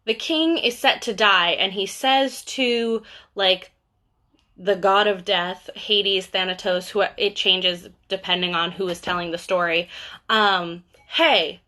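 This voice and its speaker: A woman's voice: mid-range voice, fairly even intonation, takes it slowly, bright, forceful tone. A young woman, a bookseller, chatting casually about books on a livestream, full of fillers and asides. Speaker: bookseller hosting a book talk.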